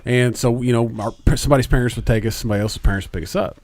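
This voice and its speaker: A man's voice: medium pitch, rapid-fire, a little mellow. A man, podcast co-host, telling a long story in casual chat, rambling and swearing a lot.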